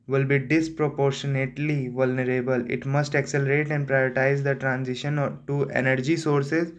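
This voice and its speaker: A young man, reading a newspaper editorial aloud slowly and correcting himself often. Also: mid-range voice. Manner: slow, deliberate reading with frequent self-corrections. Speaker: student practicing reading.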